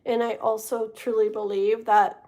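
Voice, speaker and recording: A woman's voice: a little high, little pitch movement, normal speed, warm tone. A woman doing a live-stream tarot reading, talking straight to the viewer, rambling and stumbling over her words. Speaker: tarot reader.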